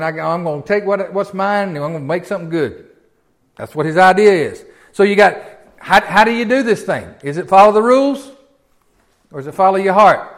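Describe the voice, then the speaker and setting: Fairly high-voiced man preaching conversationally. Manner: conversational preaching with frequent check-ins and restarts; emphatic, dynamic swings in loudness. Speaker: pastor. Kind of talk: sermon.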